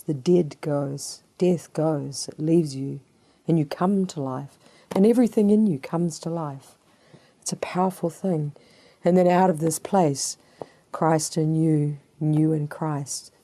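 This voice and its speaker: Slow, low-voiced New woman preaching. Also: mellow, dry recording. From New Zealand. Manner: repetitive, rhetorical call-and-response questions. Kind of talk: sermon.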